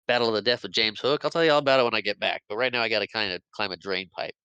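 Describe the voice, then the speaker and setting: A man voicing a grown-up hero who talks in an eager, rushed, boyish way. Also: lowish voice, bright, forceful tone, clean tone, no echo, highs cut off. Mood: excited.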